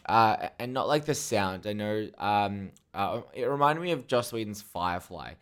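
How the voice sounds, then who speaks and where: A man's voice: lowish voice, lively intonation, normal speed, fairly bright tone, clean tone. Rambling, joking podcast co-host man. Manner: rambling, joking, trails into quoted asides. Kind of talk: casual chat reviewing a TV show.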